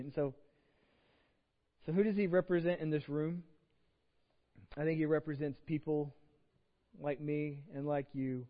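A man's voice: fairly high pitch, fairly even intonation, moderate pace, pauses often. A man preaching a sermon as a pastor, conversational and self-deprecating, acting out quotes as he goes. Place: church sanctuary. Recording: dull sound with long hall reverb.

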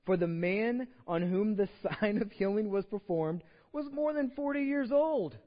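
Texan male pastor, high voice, chatty sermon delivery, dull recording in a reverberant sanctuary. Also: animated, unhurried. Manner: conversational preaching, reads scripture aloud, repeats words. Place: church sanctuary. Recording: dull sound with long hall reverb.

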